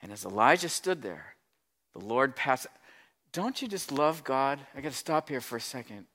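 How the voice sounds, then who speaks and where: A man pastor preaching a sermon, moving between loud pleading lines and soft hushed passages as he acts out Bible voices. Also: mid-range voice, big pitch swings, moderate pace.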